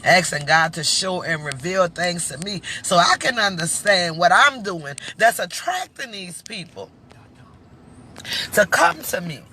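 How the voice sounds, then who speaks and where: Earnest, bright-voiced woman host. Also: on the low side, animated, a little hiss or hum. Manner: heartfelt, preachy, speaks straight to viewers; emotional, halting restarts. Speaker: talk show host. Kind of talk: casual live-stream talk.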